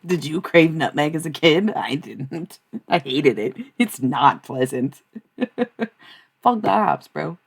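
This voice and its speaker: A woman's voice: low voice, expressive, slow, slightly rough. A young woman streaming live, chatting casually with her viewers in a blunt, profane, rambling way. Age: young adult. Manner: profane, blunt, swings between ranting and laughing. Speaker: streamer and tarot reader.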